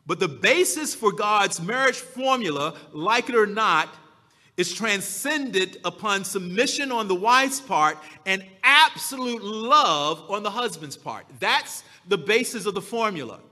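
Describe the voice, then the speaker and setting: A man preaching a sermon as pastor, slow and emphatic, drawing out his key words. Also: high-pitched, lively intonation, bright, forceful tone, big-room sound.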